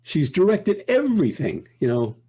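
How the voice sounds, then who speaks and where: Relaxed, mellow-voiced older man reflecting. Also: a little high, slightly rough. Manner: reflective, unhurried, self-interrupting. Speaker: guest voice actor. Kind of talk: casual interview chat.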